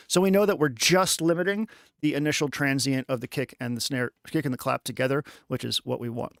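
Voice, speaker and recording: A man casually talking through a music production tutorial on a live stream, chatty and thinking out loud with lots of fillers. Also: mid-range voice, brisk, creaky. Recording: music playing underneath.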